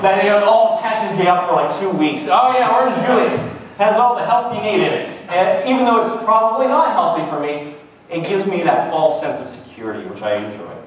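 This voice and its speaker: A man's voice: high-pitched, animated, brisk. A man in his twenties from Canada, joking and mocking himself in a casual comic monologue to camera. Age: 20s. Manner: joking, self-mocking, wry. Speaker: vlogger. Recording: echoey room, far from the mic.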